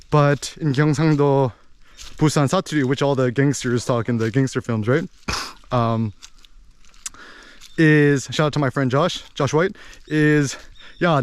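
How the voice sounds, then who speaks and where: A man giving a rambling, animated casual monologue as a podcast host. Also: medium pitch, dry recording. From United States. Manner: animated, rambling, with many fillers.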